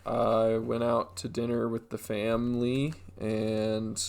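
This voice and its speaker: Gravelly young man telling rambling stories. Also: medium pitch, completely flat delivery, slow pace, crowd noise. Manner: rambling storytelling with many fillers. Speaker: podcast co-host. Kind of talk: casual chat.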